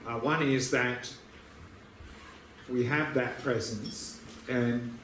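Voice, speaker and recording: A man's voice: mid-range voice, steady tone, extremely slow, a bit bright, a little hiss or hum. Man teaching meditation in an echoey room. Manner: patient, repetitive explaining. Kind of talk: dharma teaching Q&A. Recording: echoey room, faint ambience.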